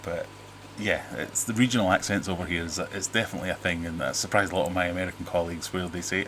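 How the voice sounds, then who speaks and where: A man's voice: sits low, steady tone, quick pace, hardly any pauses, fairly bright tone, slight background noise. Rambling, jokey British man hosting a livestream. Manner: rambling, jokey, self-interrupting. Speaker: livestream host. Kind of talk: casual live-stream chat reading viewer comments. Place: home fish room.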